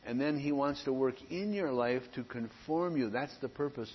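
A man, a pastor, delivering an earnest, conversational sermon with frequent pauses. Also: mid-range voice, husky, in a large hall, highs cut off.

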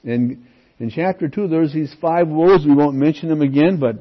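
A man's voice: fairly high pitch, moderate pace, dull audio. A pastor preaching a sermon in a conversational way, often checking in with his listeners. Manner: conversational preaching with frequent "okay?" check-ins.

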